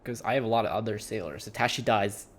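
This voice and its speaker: A man's voice: lowish voice, fast talker. A man giving gameplay commentary, thinking aloud and fretting over his choices. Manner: thinking aloud, worried and exclaiming. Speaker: gaming YouTuber.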